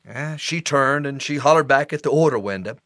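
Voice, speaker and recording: A man voicing a brassy, loud-mouthed small-town waitress with a gravelly, smoky, coarse voice and a rambling, gossipy way of telling a story. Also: medium pitch, a little fast, no room sound, studio quality, close to an everyday voice. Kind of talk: comic storytelling performance.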